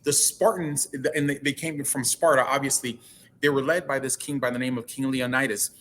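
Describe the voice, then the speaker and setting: A man's voice: mid-range voice, fairly even intonation, moderate pace, fairly bright tone, a little hiss or hum. A man speaking as a guest in a casual interview, earnest and often repeating and restarting his words.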